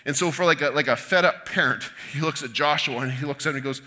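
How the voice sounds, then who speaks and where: A man preaching a sermon, retelling a Bible story in an animated way with asides to his listeners. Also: mid-range voice, fast.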